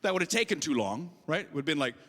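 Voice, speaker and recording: Bright-voiced Canadian stand-up comedian. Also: male voice, a little high, very animated, very fast, big-room sound. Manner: chatty storytelling, asking the crowd "right?". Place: comedy festival stage.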